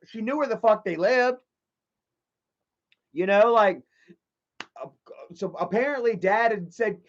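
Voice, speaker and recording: A man's voice: sits high, a little slow, pauses often. A man streaming live, telling a long, rambling, profane personal story and reading chat messages aloud. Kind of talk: livestream storytelling. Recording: dull lo-fi stream audio.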